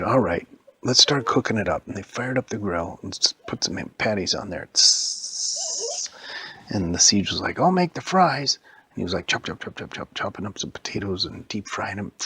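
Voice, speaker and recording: A man telling a made-up spooky story to a child, switching into high squeaky voices for characters and dropping to a whisper at scary moments. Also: huge pitch swings, normal speed, fairly bright tone, breathy edge. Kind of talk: improvised bedtime-style story for a child.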